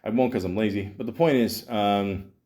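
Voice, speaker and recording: A man hosting a podcast, reviewing movies in a rambling, excitable monologue, swearing freely and restarting his sentences often. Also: fairly low pitch, normal speed. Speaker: podcast host.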